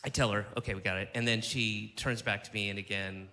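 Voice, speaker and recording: Bright-voiced stammering stand-up comedian man. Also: lowish voice, fairly even intonation, a little fast. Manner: rambling, stammering storytelling with loud outbursts. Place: comedy stage before a live audience.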